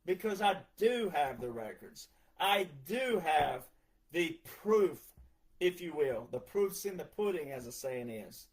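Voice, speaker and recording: A forty-something man with a drawl and a notably high voice, ranting in a heated, sarcastic monologue. He mocks his critics in put-on voices between angry outbursts. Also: very animated, takes it slowly, low-quality recording. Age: 40s. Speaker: retired veteran ranting about country music.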